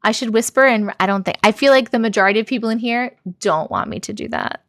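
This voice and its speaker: A woman hosting a live stream, chatting casually and warmly effusive as she reads viewers' comments aloud and answers them. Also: a little high, normal speed.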